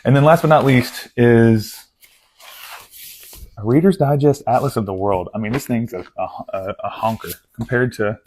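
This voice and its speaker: A man's voice: medium pitch, a little mellow. A young man chatting casually about his latest book haul, rambling and self-deprecating, with lots of asides and restarts. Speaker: book vlogger.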